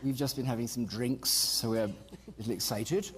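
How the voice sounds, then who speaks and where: A man's voice: medium pitch, fairly even intonation, normal speed, fairly bright tone. A man moderating a panel on stage, introducing the guests in a loose, chatty way with many fillers. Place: stage in a large hall. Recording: long hall reverb.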